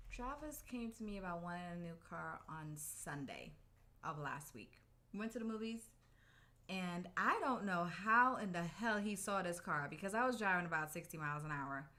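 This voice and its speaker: Chatty wife laughing through a story. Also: female voice, on the low side, bright, forceful tone. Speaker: podcast co-host. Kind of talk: casual couple's podcast chat.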